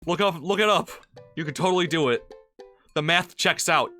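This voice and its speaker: A man's voice: on the high side, moderate pace, pushed and bright, faint music behind. A young man streaming a game, joking crudely with chat and laughing easily. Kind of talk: casual let's-play chat.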